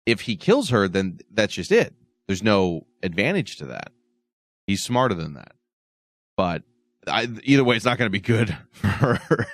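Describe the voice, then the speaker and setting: A man's voice: lowish voice, very animated, normal speed, dry recording. A man hosting a podcast, casually analyzing a TV episode and swearing freely. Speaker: podcast host. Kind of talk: casual chat.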